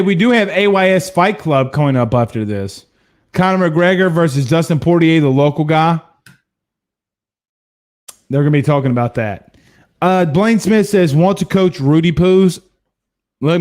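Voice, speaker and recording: A man in his thirties from Louisiana hosting a casual sports stream, reading viewer comments and telling stories in a blunt, animated way. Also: fairly high pitch, moderate pace. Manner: animated storyteller, hums drum beats, blunt. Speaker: sports show host.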